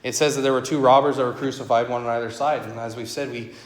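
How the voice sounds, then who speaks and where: A man's voice: mid-range voice, steady tone, fast, echoey room, big-room sound, slight background noise. A man, preaching a conversational sermon as pastor, asking his listeners rhetorical questions. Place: church sanctuary.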